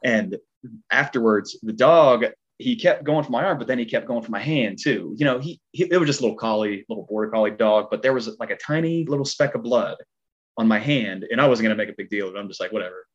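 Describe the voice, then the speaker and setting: A man working as a stunt performer tells a long story in casual chat, animated and rambling, with a twang in his speech. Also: mid-range voice, fast talker, lo-fi sound. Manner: animated, rambling, heavy filler words.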